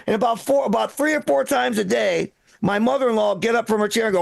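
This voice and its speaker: A middle-aged man performs a stand-up set in a rambling, profane way, breaking off and restarting his lines. His voice sits high for a man and has a gravelly edge. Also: normal speed. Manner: rambling, profane, self-interrupting delivery. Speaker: stand-up comedian. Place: live comedy stream with echo. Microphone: own microphone.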